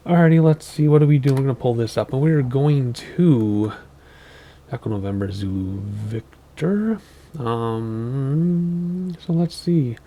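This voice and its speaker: Here the sleep-deprived flight sim host sounds mid-range, expressive, and warm, speaking unhurriedly. His commentary stays casual and meandering, dotted with ums and corrections.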